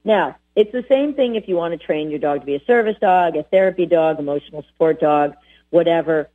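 A woman hosting a radio show about dog training, coaching listeners in a lively, direct way. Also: low-pitched, a little fast. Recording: tinny phone-like sound.

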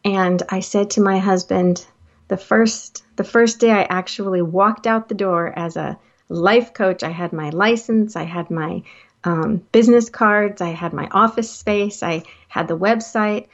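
Middle-aged lady life coach telling stories, lively, voice jumps way up when she acts out dialogue, kinda dull lo-fi sound. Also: a little slow. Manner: animated, acts out dialogue with excited pitch jumps. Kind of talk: personal storytelling talk. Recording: slightly dull lo-fi audio.

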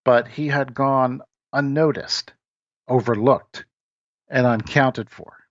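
A man telling a story in a relaxed, conversational manner, as a show host. His voice sits in a middle register. The recording is dry and muffled, with a dull lo-fi sound. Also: mid-range voice, slow pace, dry recording. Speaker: podcast host. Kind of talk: storytelling and reflection.

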